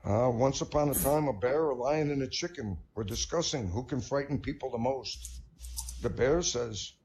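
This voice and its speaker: A man's voice: mid-range voice, normal speed, a little mellow, a little hiss or hum. An older man reading a string of jokes aloud on an online comedy show, chuckling at his own punchlines.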